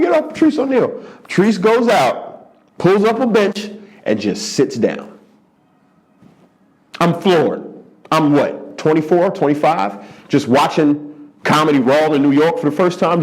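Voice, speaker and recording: Man, around 40, from Philadelphia area, stand-up comedian, animated storytelling, repeats for emphasis, studio interview. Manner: animated, repeats for emphasis, jumps into high-pitched voices for quoted people. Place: studio under hot lights.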